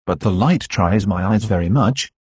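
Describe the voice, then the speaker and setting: A man's voice: lowish voice, moderate pace, a little mellow, breathy edge, no echo. A man voicing a hesitant, formal police envoy.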